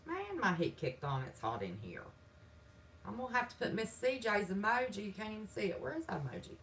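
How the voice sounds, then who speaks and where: A woman's voice: mid-range voice, sing-song, a little fast, a bit bright, far from the mic, slight background noise, poor audio. A woman with a Southern accent from West Virginia, hosting a livestream from her home, talking in a sassy, defiant, folksy way while reading chat. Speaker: channel host. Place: home, indoors.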